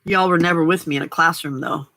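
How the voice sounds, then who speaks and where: A woman's voice: low-pitched, steady tone, fast, bright, forceful tone, no echo. An older woman hosting a casual late-night crafting livestream, chatting and laughing often as she answers viewers' comments. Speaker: livestream host.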